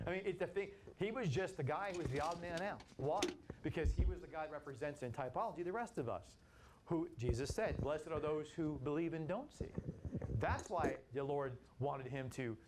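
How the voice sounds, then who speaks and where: A man leads a Bible study in a casual, animated way and acts out the figures he talks about. His voice sits a touch high and swings widely in pitch. A faint hiss of noise sits behind him.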